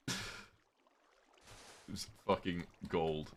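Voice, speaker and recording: A British man casually chatting with his viewers on a livestream, reading chat aloud, swearing freely and reacting with sudden loud outbursts. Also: sits low, moderate pace, pauses often, slight background noise. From Britain.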